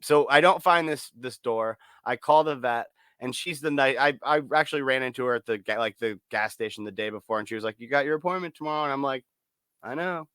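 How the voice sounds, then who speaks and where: A man co-hosting a casual podcast, telling a story in an animated, heavily profane way. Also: mid-range voice, fairly quick, hardly any pauses, clear, resonant tone, dry recording. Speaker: podcast co-host. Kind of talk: casual chat.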